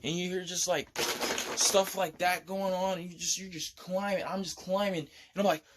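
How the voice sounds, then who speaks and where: Man excitedly recounting a vivid dream. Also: moderate pace, noisy background. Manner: animated, breathless, acts out screams and hums a tune; raps in a low steady voice. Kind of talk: excited rambling storytelling.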